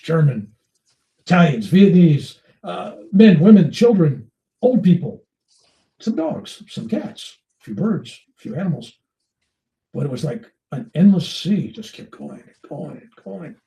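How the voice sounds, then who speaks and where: A man's voice: on the high side, gravelly, echoey room, far from the mic, low-quality recording. An older man being interviewed, telling a personal story in casual conversation and acting out the voices in it. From United States. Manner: animated, acts out dialogue in his story. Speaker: interview guest.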